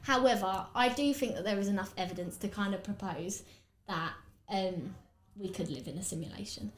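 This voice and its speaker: A woman's voice: mid-range voice, moderate pace. Chatty Essex woman in a roomy space. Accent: Essex English. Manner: chatty, rambling, with frequent fillers. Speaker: podcast host. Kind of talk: casual podcast chat while doing makeup.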